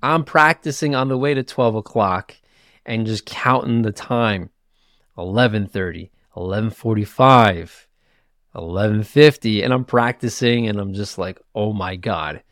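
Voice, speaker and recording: A man hosting his own podcast, telling a personal story in a casual, animated way, laughing at himself and stumbling over quick restarts. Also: fairly low pitch, dry recording, clean studio sound. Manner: animated, self-mocking, quick bursts with stammered restarts. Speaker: podcast host.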